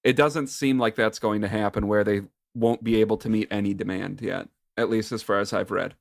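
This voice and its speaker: A man co-hosting a podcast, talking in a relaxed way with dry jokes. His voice sits fairly low. The sound is close and dry. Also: brisk, vocal fry, no room sound. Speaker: podcast co-host. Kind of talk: casual podcast chat.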